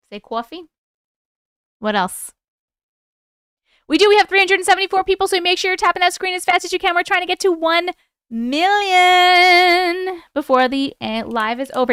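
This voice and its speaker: A woman's voice: high-pitched, fairly bright tone, no room sound, clean studio sound. A woman with a New York accent hosting a livestream, reading viewer stories aloud and chatting casually, swearing freely and laughing often. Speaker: livestream host.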